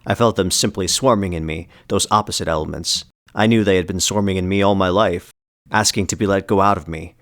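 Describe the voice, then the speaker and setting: A man narrating a first-person novel as an audiobook, with a measured, deliberate and bitterly ironic delivery. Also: deep voice, fairly even intonation, a bit bright, no room sound, clean studio sound.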